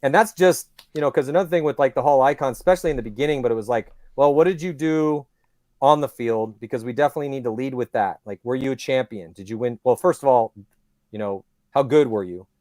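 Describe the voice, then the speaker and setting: A man's voice: mid-range voice, fast, dry recording, clean studio sound. A man who is a guest on a podcast, talking at length in casual chat, telling stories and making his points with animation. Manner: long-winded, animated storyteller.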